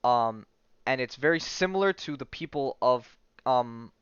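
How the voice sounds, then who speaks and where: A podcast host recapping a comic book story in a relaxed, rambling way, with many fillers and self-corrections as he reads the dialogue aloud. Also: mid-range voice, measured pace, clear, resonant tone, dry recording, muffled recording.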